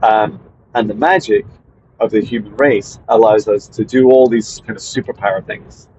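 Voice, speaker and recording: A man, a spiritual mentor, talking casually to his viewers in a meandering way, often pausing and restarting. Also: on the low side, a little mellow, a little hiss or hum, rough recording. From Scotland. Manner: meandering, hesitant with fillers and restarts.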